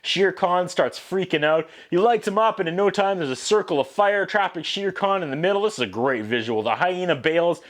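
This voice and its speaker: A man's voice: sits high, animated, normal speed, hardly any pauses. A man hosting a video review show, giving sarcastic, wisecracking commentary. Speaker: VHS reviewer. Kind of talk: casual commentary.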